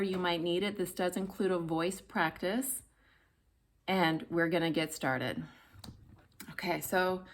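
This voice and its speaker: A woman teaching how to speak so that people listen, talking straight to viewers in an expressive instructional style and demonstrating pitch and volume as she goes. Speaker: voice coach. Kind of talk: instructional video talk.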